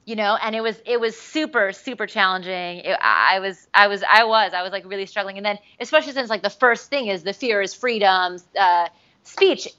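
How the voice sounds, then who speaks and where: A woman guest in a casual interview, talking in an animated way with many fillers and restarts. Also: medium pitch, a little fast, clear, resonant tone. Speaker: voice actress guest. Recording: dull lo-fi recording.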